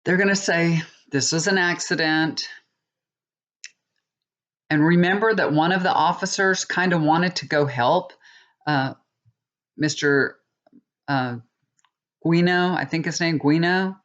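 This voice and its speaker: A woman's voice: on the low side, unhurried, long pauses, muffled recording. A woman giving a tarot reading in a casual, rambling monologue, often checking in with viewers. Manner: chatty, rambling with many restarts, asks viewers "okay?". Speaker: tarot reader.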